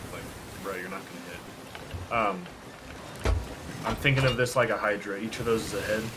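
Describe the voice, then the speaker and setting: A man streaming a multiplayer game, strategizing and swearing excitedly as he talks with a teammate. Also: lowish voice. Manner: profane, quick strategizing, excitable. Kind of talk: casual gaming chat with a teammate. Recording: loud background noise.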